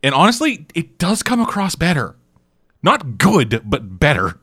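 A man's voice: fairly high pitch, wildly swooping pitch, a little slow, fairly bright tone, husky, no echo. Profane man recapping a show, dry sound. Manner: profane, rambling storyteller. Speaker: podcast co-host. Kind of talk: casual chat recapping a TV show.

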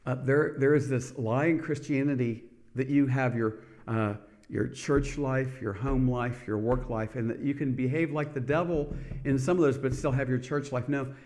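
A middle-aged man delivers a televised sermon with fervent conviction. He presses on key words and breaks into hallelujahs as he hosts the program. His voice sits at an ordinary pitch for a man. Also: darkish tone. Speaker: preacher and program host.

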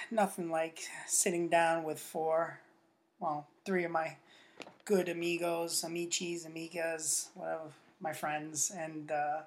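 A man's voice: a little high, level tone, unhurried. A young man hosting a podcast, ribbing his friends in crude, profanity-laced casual chat. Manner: crude, teasing banter with frequent swearing. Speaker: podcast host.

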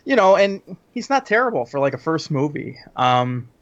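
A man's voice: a little high, big pitch swings, normal speed, a bit bright. A man with a slightly raised voice rambles through a film plot in loose, laughing chat. The recording sounds dull and lo-fi. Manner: laughing, rambling, crude humor.

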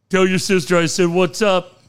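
A man's voice: high voice, very noisy. A man voicing a touchy, boastful older male caller who squawks back at the host. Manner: squawking, indignant.

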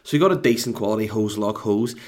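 A man's voice: fairly low pitch, fast talker, a little mellow. A man with a Scottish accent telling a rambling, sweary story at home with comic exasperation. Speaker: dad telling a story to camera. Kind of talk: casual rambling anecdote.

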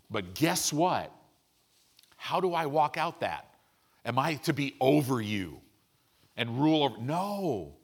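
A man's voice: medium pitch, a bit bright. A man pastor preaching a sermon, asking his congregation questions and building to emphatic peaks.

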